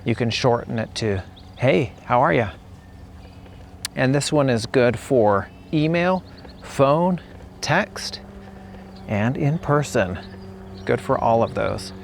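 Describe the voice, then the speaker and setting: A man with a gravelly, creaky voice gives a relaxed spoken English lesson at a slow, steady pace. He repeats each example phrase to demonstrate it, with faint outdoor sound behind him. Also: mid-range voice, a little hiss or hum. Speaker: English teacher. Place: outdoors on a walk.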